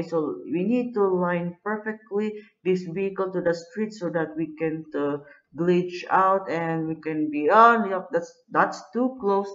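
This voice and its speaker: A gamer giving live gameplay commentary, excitable, full of exclamations and frustrated groans. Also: medium pitch. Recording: dull lo-fi recording.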